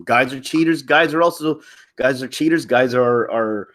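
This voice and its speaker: A man speaking on a live stream with a middle-pitched voice. He tells a personal story candidly, rambling and restarting his sentences as he goes. The delivery is loose and conversational, aimed straight at his viewers. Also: moderate pace, fairly bright tone. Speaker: YouTube commentator.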